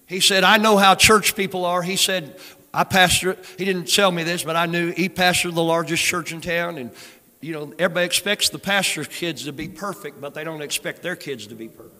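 An older man preaching a sermon, moving between hushed storytelling and loud exhortation. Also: a little high, steady tone, fairly quick. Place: large church sanctuary. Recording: long hall reverb with soft music behind.

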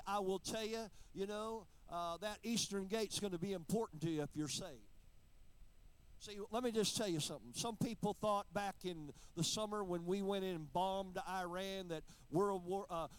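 A man's voice: sits high, moderate pace, low-quality recording. A man preaching a sermon, telling a humorous story before moving into emphatic preaching with call-outs to the congregation. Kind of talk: sermon with a joke illustration.

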